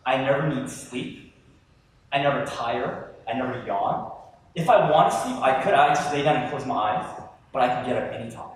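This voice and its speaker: A man giving a humorous talk to a live audience, animated and self-deprecating, joking with the crowd. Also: mid-range voice, normal speed, a little hiss or hum. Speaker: youth speaker. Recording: echoey hall from far off.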